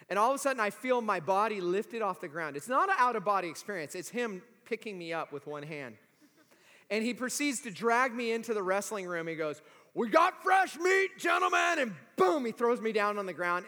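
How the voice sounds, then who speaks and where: Male pastor, 40s, sermon storyteller, animated and funny, long hall echo. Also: high voice. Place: church sanctuary. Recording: long reverb of a large hall.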